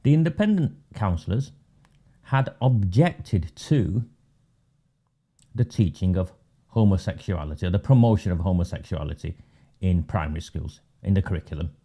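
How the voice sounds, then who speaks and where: A man's voice: deep voice, animated, moderate pace, mellow, husky. A man hosting a live webinar, delivering sarcastic, mocking commentary. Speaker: webinar host and political campaigner.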